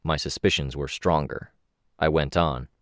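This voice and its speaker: A man narrating an audiobook in a steady, expressive reading. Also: rumbling low, unhurried, dry recording, studio quality.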